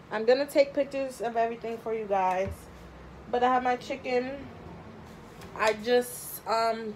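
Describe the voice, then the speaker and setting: A young woman with a fairly high voice walks through a recipe in her kitchen, talking casually and filling pauses with ums as she thinks aloud. Her voice comes through a camera mic, with a faint hiss of background noise behind it. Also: low-quality recording. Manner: chatty and rambling, thinks aloud with many fillers. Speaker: home cook vlogger. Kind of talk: casual cooking tutorial. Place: home kitchen.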